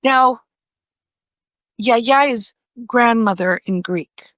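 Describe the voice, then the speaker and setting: An older woman, an author, telling personal stories in a conversation with animated expression. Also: fairly high pitch, extremely slow, no echo. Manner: animated, vividly acts out voices in her stories. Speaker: author and podcast guest.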